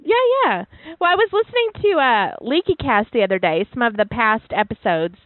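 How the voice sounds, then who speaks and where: A bubbly, giggly woman co-hosting a casual podcast, her voice sitting a little high. She sounds dry and close, squeezed into a narrow phone-like band. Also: animated, a little fast, no echo. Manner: bubbly, giggly, chatty with filler words. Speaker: podcast co-host.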